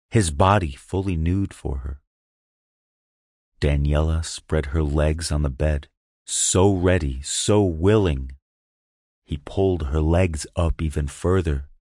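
A man narrating an erotic audio story with a slow, hushed, lingering delivery on a close mic. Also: a bass voice, dry recording.

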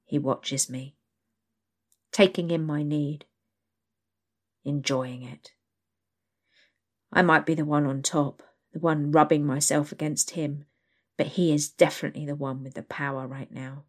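A woman reading a first-person erotic story aloud in a hushed, intimate storytelling manner. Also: deep voice, fairly even intonation, measured pace, pauses often. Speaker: narrator.

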